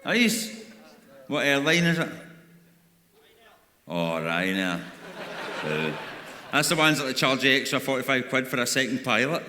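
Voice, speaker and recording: A mid-range, animated voice comes from a Glaswegian man doing stand-up on an arena stage, speaking a little slowly with long pauses. He swears and jokes crudely, mocking and bantering with the audience amid echo and crowd noise.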